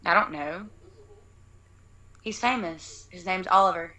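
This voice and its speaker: Chatty young woman, bright voice. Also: fairly low pitch, measured pace. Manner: chatty, laughing, acts out her own quotes. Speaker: interview guest. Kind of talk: casual storytelling chat.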